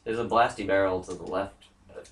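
Very deep-voiced giggly woman gamer. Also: brisk, gravelly. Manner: giggly, reassuring, apologetic. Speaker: let's play co-host. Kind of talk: casual gaming chat. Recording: roomy echo, distant mic, faint hiss.

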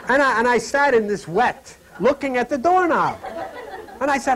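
Male host, high voice, animated storyteller who laughs a lot and turns hushed and low on spiritual points. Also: crowd noise. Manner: animated storyteller, laughs through his stories; drops to a hushed, low, slow voice on spiritual lines. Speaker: host of a spiritual talk program. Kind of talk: rambling spiritual talk with personal anecdotes.

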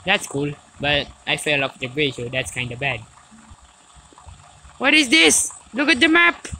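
Excitable woman yelling through gameplay. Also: low voice, a little slow, slight background noise, poor audio. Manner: excitable, yelling and swearing at the game. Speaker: gaming video host. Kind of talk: let's-play commentary.

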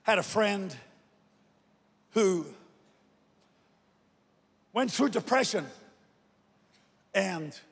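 A man preaching a sermon, moving between hushed storytelling and loud, shouted exhortation. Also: high-pitched, lively intonation, very slow, creaky, pauses often, breathy edge. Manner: swings from soft sung phrases to loud shouted exhortation. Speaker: guest preacher. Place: large church auditorium. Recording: echoey hall reverb from a church stage.

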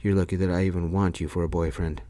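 A sloshed, possessive ex-boyfriend who slurs and belittles, as a man puts him on in whispered role-play. The voice sits very deep. It is recorded dry and close, with no room sound. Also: level tone, fast talker, warm tone, no room sound, lightly acted. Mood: belittling. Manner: slurring, pushy, belittling. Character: drunk, clingy, insulting male ex-boyfriend.

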